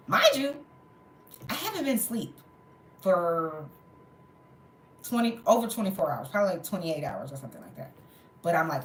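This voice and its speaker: Woman vlogger, lower voice, tired and sore, animated venting in an echoey room. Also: moderate pace, long pauses, a little hiss or hum. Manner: animated, exasperated retelling with swearing. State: tired and in pain. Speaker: storytelling vlogger. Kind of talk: casual storytime chat. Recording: roomy echo.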